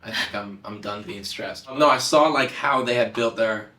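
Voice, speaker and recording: A young man answering interview questions in a relaxed, halting way, voice slightly hoarse. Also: lowish voice, slight background noise. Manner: relaxed, halting, filler-heavy. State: slightly hoarse after singing. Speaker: musician guest. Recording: echoey room, a bit far from the mic.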